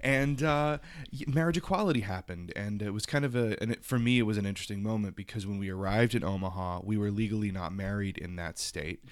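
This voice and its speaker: A man co-hosting a podcast in casual chat, chatty and animated, with many fillers. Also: on the low side, fast talker, hardly any pauses, clear, resonant tone. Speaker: podcast co-host.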